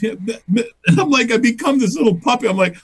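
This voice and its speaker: A man's voice: very high voice, animated, brisk, slightly rough. A male stand-up comedian telling a story in casual chat, acting out quotes and laughing often. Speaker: guest comedian and voice actor.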